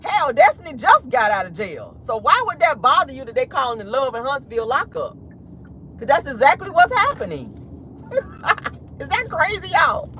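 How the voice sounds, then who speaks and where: A woman hosting a casual celebrity gossip vlog, sassy and animated, laughing and talking straight to her viewers. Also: sits high, moderate pace, slight background noise. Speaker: host.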